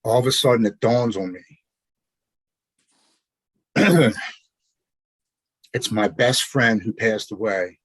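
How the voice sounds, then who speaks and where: A man in his forties with a low voice shares his own hard story as a podcast guest, speaking earnestly and haltingly, often restarting his sentences. The sound is dry and close. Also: fairly bright tone, slightly rough, dry recording. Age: 40s. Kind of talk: personal recovery story in conversation. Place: Maryland.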